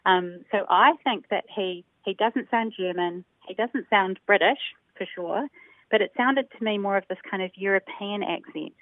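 A woman's voice: mid-range voice, no echo. New woman on a phone line. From New Zealand. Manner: thoughtful, frequent ums, measured explaining. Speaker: linguist guest. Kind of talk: explanatory interview answers. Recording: dry, tinny phone line.

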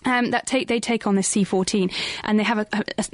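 A woman's voice: medium pitch, steady tone, fast talker, dry recording. A woman co-hosting a science radio show, chatting casually and thinking aloud, often correcting herself. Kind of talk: casual studio chat answering questions.

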